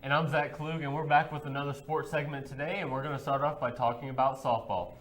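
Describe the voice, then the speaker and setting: A man's voice: on the high side, steady tone, fast talker, a bit bright. A teenage boy co-anchoring a student sports segment, reading in an upbeat, encouraging way. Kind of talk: scripted news reading.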